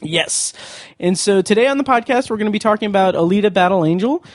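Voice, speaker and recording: A man hosting a movie and TV podcast, talking quickly and casually with frequent laughs. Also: sits high, lively intonation, dry recording, studio quality. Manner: quick, chatty, laughs often. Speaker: podcast host.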